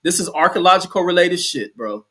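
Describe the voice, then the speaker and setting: Host type: a man with a slightly high voice who argues bluntly and profanely, heard over a voice call. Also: lively intonation, fairly quick, bright, forceful tone. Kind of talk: heated casual debate.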